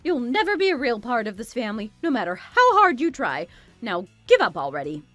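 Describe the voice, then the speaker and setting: A woman's voice: a little high, lively intonation, quick pace, no room sound, faint music behind, natural voice. Woman playing a bossy, spiteful mother-in-law. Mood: scornful. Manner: scolding, contemptuous, bossy. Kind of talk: dramatized story voice acting.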